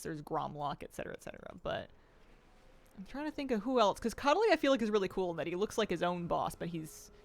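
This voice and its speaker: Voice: mid-range voice, a bit bright. A streamer chatting casually at a home desk while gaming, reading out viewer messages and cooing at a pet cat in a playful baby voice. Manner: reads out and answers viewer chat.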